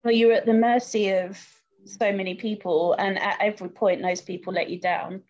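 A woman interviewing a guest, summing up his experience in a measured, reflective way. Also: mid-range voice, steady tone, darkish tone. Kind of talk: conversational interview. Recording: dull lo-fi sound.

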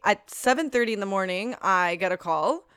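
Woman, twenties, podcast co-host. Clear, smooth voice, close and dry. Animated storyteller who laughs often. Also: medium pitch, normal speed, no room sound. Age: 20s. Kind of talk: casual chat.

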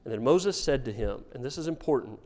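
A man preaching a sermon as pastor, telling stories with wry humor in an animated way. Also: mid-range voice, brisk.

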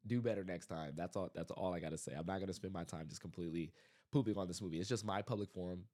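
Man, podcast host, casual movie review, animated exasperated rant, fairly low voice. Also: racing. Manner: animated, exasperated ranting with many restarts.

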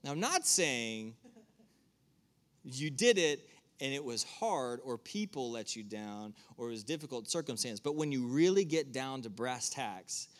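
A man's voice: mid-range voice, expressive, unhurried. A man preaching to a room, talking casually and putting direct questions to his listeners. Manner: conversational, asks the audience direct questions. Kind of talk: sermon. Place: church room with an audience.

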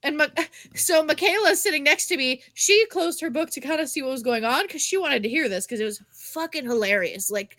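A young woman co-hosting a podcast, telling a story in casual chat, animated and swearing freely as she acts out the people in it. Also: sits high, moderate pace, no room sound. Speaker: podcast co-host.

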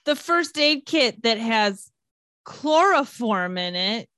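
A woman with a somewhat high voice speaks slowly while co-hosting a casual podcast chat about a movie. She's animated, swears often, laughs a lot, and acts out the film's lines, with no echo on the recording.

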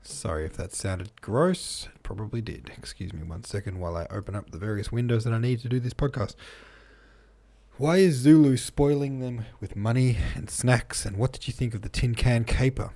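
A man hosting a podcast in a relaxed, chatty way, reading out listener comments with frequent ums, troubled by hiccups. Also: mid-range voice, moderate pace. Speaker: podcast host.

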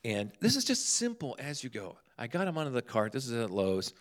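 Guy telling funny faith stories, acts out voices, medium pitch. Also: brisk. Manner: humorous, animated storyteller who acts out dialogue. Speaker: guest telling ministry stories. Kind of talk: casual storytelling chat.

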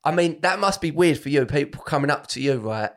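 Sweary London man, bit higher voice. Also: a little fast. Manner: sweary, animated, mimics drunk people. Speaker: podcast co-host and comedian. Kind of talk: casual chat. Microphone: home podcast mic in a garage.

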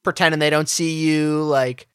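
A man's voice: a little high, level tone, moderate pace, clear, resonant tone, dry recording, clean studio sound. A man hosting a casual podcast who asks laid-back questions padded with filler words. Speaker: podcast host.

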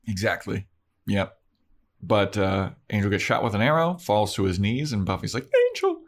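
A man's voice: on the low side, moderate pace. A man co-hosting a casual chat, retelling a story in a laid-back, rambling way. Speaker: podcast co-host.

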